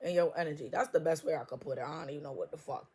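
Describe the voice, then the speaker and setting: A woman's voice: deep voice, very fast, a little mellow, breathy edge. A woman giving a casual tarot reading, blunt and profane with joking trash talk. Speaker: tarot reader.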